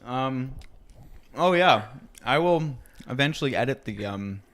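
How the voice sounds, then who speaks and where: A man's voice: mid-range voice, lively intonation, measured pace, a bit bright. A man in casual podcast chat, chatty and giggly, who hedges with ums. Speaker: podcast guest talking about trains.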